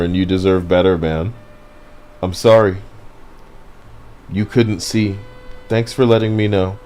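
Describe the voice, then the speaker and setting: Low-voiced man streaming a game. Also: steady tone, measured pace, long pauses, warm tone. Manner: rambling, apologetic, talks to chat. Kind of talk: casual game stream commentary.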